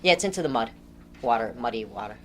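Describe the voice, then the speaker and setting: A woman telling a long personal story to a group in a casual, animated way, laughing often as she goes. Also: a bass voice, fast talker.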